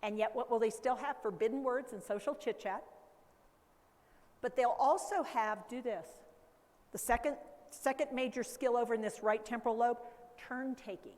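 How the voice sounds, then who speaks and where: A woman educator giving a lively conference talk, acting out baby talk and caregiver voices along the way. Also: a little high, normal speed, long reverb tail. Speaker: dementia care educator. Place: conference hall.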